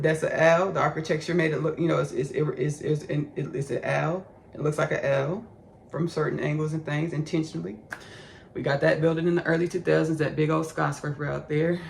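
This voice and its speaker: Gravelly Texan country-accented man. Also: on the high side, a little hiss or hum. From Austin, Texas. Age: 30s. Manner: rambling and effusive, peppered with "baby" and "y'all". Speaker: podcast host. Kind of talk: spiritual podcast monologue.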